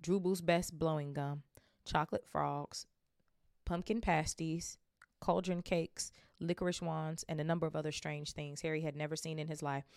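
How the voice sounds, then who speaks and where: A woman's voice: low-pitched, steady tone, moderate pace, vocal fry, darkish tone, no echo, clean studio sound. A young woman reading a novel aloud for a book club podcast, breaking off for chatty asides and casual swearing.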